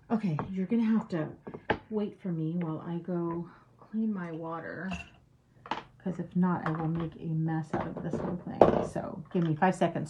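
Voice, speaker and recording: Woman, casual painting stream, chatty then half-whispered, lowish voice, dull lo-fi audio, faint hiss. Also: fairly even intonation, moderate pace. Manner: chatty, drops to murmured whispers while working. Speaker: painting livestream host. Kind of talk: casual chat while painting.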